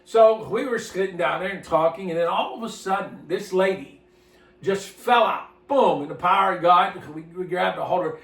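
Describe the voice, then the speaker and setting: A man's voice: high voice, normal speed, a bit bright, distant mic, soft background music. A man who is a minister, telling a story in a casual, folksy, rambling way and often repeating his words. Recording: roomy sound from off-mic.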